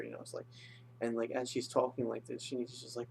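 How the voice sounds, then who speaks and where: A man's voice: mid-range voice, completely flat delivery, fast talker, gravelly, a little mellow, slight background noise. A young man casually recapping and reviewing an episode, rambling with lots of fillers. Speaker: anime reviewer.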